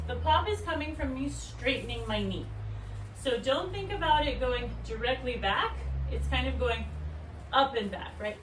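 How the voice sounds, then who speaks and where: A young woman leads a dance class, talking in a chatty way and counting out the steps as she moves. Her voice sits a little high and comes from some distance from the mic. The room adds a roomy echo, with faint ambient noise behind her. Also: expressive, moderate pace. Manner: counts beats aloud while demonstrating moves; chatty, filler-heavy explanations. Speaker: dance instructor. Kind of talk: dance tutorial. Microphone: camera mic from a distance.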